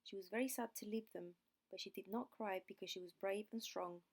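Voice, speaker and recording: A woman narrating a fairy tale slowly and clearly for English learners. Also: medium pitch, darkish tone. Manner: slow, deliberate reading. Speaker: audiobook narrator.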